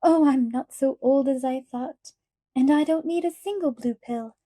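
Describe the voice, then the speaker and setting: A woman's voice: sits high, measured pace, warm tone, dry recording, clean studio sound, voice pushed up. A woman reading an audiobook, voicing a wistful, whimsical middle-aged lady who sighs and lingers dramatically over her words. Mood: delighted.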